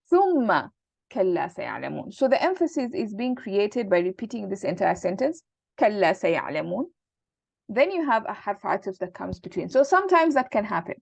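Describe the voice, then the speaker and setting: Woman grammar teacher, lecture delivery, relaxed explanatory pace, lo-fi dry recording. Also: medium pitch, gravelly, dry recording. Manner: explanatory, loose with fillers.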